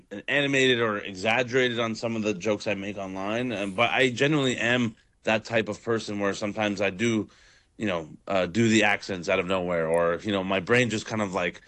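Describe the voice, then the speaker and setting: Young comedian man from Toronto, low voice, relaxed, lots of ums. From Toronto, Canada. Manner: relaxed, rambling with fillers. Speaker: comedian guest. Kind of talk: casual radio interview.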